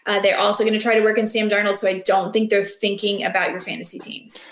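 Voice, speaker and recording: A woman co-hosting a casual sports chat, talking in an animated, playful, rambling way. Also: medium pitch, fast, reverberant. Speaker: sports podcast co-host.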